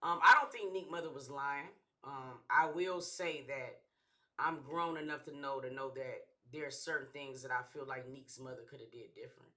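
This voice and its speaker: Slangy man reacting, bright voice. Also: medium pitch, normal speed. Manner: slangy, conversational, frequent "you feel me". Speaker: reaction channel host. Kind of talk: casual reaction commentary.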